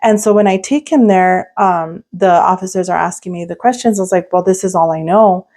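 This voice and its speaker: A woman's voice: on the low side, brisk, a little mellow. A young woman co-hosting a podcast, telling a story in casual chat with lots of fillers and restarts. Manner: rambling, many "like" fillers and restarts. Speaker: podcast co-host.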